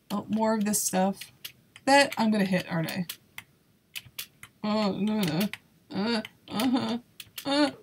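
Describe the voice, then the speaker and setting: A woman's voice: mid-range voice, vocal fry, darkish tone, slight background noise. A woman giving casual gameplay commentary in a nervous, exclaiming way, laughing often. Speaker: YouTuber playing a video game.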